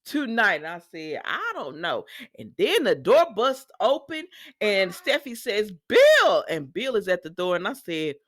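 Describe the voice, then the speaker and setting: A woman's voice: mid-range voice, normal speed, dry recording, clean studio sound. A woman, recapping a soap opera in casual talk, acting out the quotes and laughing often. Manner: animated, acts out quotes in lively voices, laughs often.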